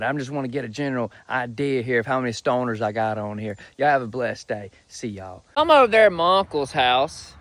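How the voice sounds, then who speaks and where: A young man doing a crude, brash comedy monologue with loud punchlines. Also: on the high side, no room sound. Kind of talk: stand-up style comedy monologue.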